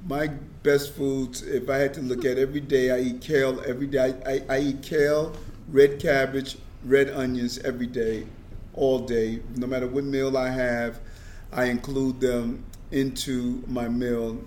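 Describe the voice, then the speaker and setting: A man's voice: medium pitch, flat delivery, normal speed, a little mellow. Man, middle-aged, earnest interview guest, stammered restarts, faint background hiss. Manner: earnest, repeats words when starting sentences. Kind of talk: casual conversation.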